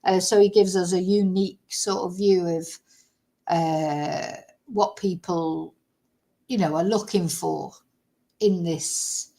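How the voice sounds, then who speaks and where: A woman's voice: lowish voice, fairly even intonation, slow pace, dark tone. A woman commenting casually on a true crime story during a live stream, rambling with many fillers.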